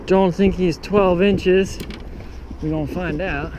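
A man hosting a fishing vlog from a boat, casual and excitable, hollering when he lands a fish. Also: high-pitched, takes it slowly. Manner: excitable, hollers over catches. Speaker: fishing vlogger. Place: outdoors on a small fishing boat. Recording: noisy outdoor boat audio.

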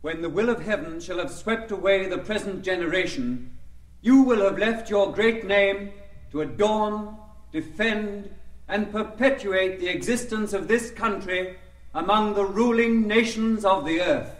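A man's voice: high-pitched, measured pace, reverberant, far from the mic. An actor playing the Speaker of Parliament, a formal older man who declaims solemnly, in a 1960s documentary radio drama.

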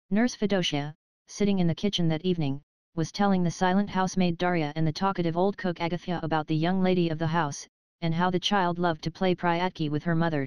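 A woman narrating an audiobook in a measured, even storytelling manner, close to the mic. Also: lowish voice, clean tone, no echo, poor audio. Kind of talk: scripted narration.

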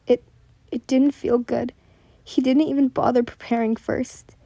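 A young woman reading a second-person fan fiction story aloud in a soft voice that often drops to a whisper, stumbling and restarting lines. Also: fairly high pitch, fairly even intonation, a little slow, creaky, no echo. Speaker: story narrator.

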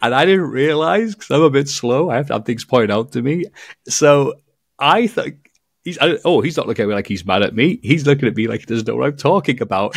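A man's voice: mid-range voice, brisk, creaky, husky, dry recording, clean studio sound. A man telling stories in a casual podcast chat, acting out quotes with bursts of laughter. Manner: animated storytelling with voiced quotes and laughs. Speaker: podcast guest, video maker.

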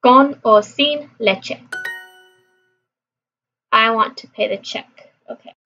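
A woman's voice: a little high, takes it slowly, bright, forceful tone, soft background music. A woman vlogging her language practice in casual chat, repeating phrases aloud to her viewers. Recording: dull lo-fi recording.

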